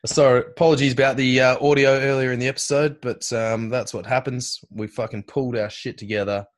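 A man's voice: medium pitch, flat delivery, a little fast. A man co-hosting a podcast, talking in an enthusiastic, rambling way and swearing casually. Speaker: podcast co-host. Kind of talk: casual chat.

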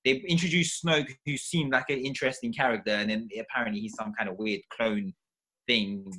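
Brief: man, husky and bright, heated podcast banter. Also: medium pitch, a little fast. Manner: animated ranting, gets loud when annoyed. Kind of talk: casual chat.

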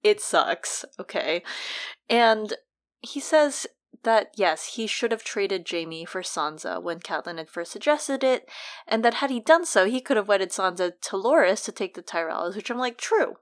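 A woman's voice: mid-range voice, animated, normal speed. A young woman co-hosting a casual book discussion podcast, chatty and laughing often as she acts out lines from the story. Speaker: podcast co-host.

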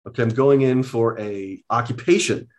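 A man's voice: medium pitch, normal speed, darkish tone. Hesitant man explaining step by step. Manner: explains methodically, with many hesitations and "um"s. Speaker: guest, card deck inventor. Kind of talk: casual explanation.

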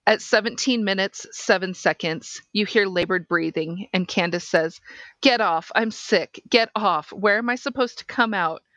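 A woman podcast host reading a case transcript aloud in a measured, deliberate way. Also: medium pitch, a bit bright, no room sound.

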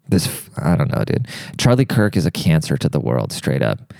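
Profane, rambling young man with dark voice. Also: a bass voice, sing-song, normal speed, gravelly, no echo, clean studio sound. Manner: profane, rambling, fired-up, says dude a lot. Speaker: monologue speaker. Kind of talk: crude comedic rant.

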